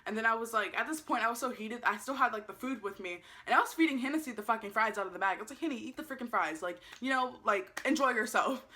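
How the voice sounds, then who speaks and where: A young woman recounts a story in a casual vlog and slips into the voices of the people in it. Her voice sits fairly high and sounds bright and clear. She talks with lots of energy and swears freely. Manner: animated, acts out quotes, swears freely. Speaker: vlogger.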